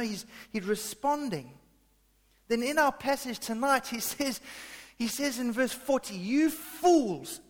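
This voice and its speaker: A high-voiced man gives a sermon in a church hall, the long reverb trailing after his words. He talks in a loose, conversational way, full of fillers and restarts. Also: fairly bright tone. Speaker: pastor.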